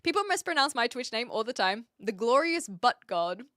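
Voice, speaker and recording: A woman's voice: on the high side, big pitch swings, normal speed, a bit bright, no room sound, studio quality. Bubbly New Zealand woman streamer. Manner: chatty, laughs often, reads and answers chat. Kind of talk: casual live-stream chat.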